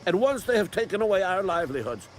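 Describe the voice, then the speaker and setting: An actor voicing an older man who leads a resistance, gruff and conspiratorial with a dry sense of humor, in video game dialogue. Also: high-pitched, sing-song, fast talker, slight background noise. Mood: ominous. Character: old male resistance leader, paranoid about robots.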